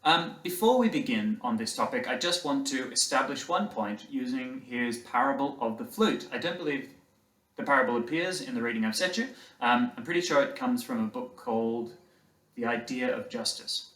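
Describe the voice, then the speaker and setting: A man's voice: medium pitch, lively intonation, fairly bright tone. Male lecturer in an echoey hall. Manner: conversational, halting with fillers. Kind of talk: university lecture. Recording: roomy hall, distant mic.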